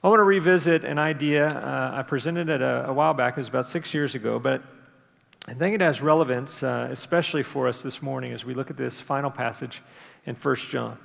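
Gravelly pastor preaching in a reverberant church. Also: male voice, medium pitch, fairly bright tone. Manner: conversational, unhurried, with frequent fillers and restarts. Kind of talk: sermon. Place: church sanctuary. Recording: long reverb of a large hall.

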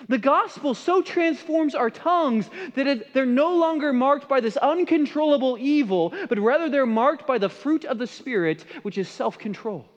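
A man preaching a sermon as pastor, swinging between impassioned emphasis and hushed, softened passages. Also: very high voice, lively intonation, moderate pace, few pauses. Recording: dull sound with long hall reverb.

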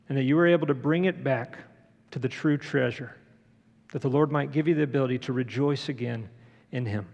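A middle-aged man preaching a sermon, telling a story conversationally with many pauses and fillers. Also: mid-range voice, creaky. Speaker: pastor. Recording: long church reverb.

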